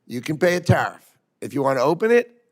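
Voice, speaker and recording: A man in his sixties testifying at a hearing, answering questions in a brisk, confident, emphatic way. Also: a little high, very animated. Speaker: cabinet secretary answering questions.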